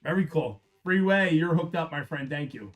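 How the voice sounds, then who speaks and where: Animated middle-aged man, higher voice. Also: normal speed, soft background music. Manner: animated, blunt, swears freely, talks to viewers by name. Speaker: live card-break stream host. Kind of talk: casual live-stream chat and storytelling.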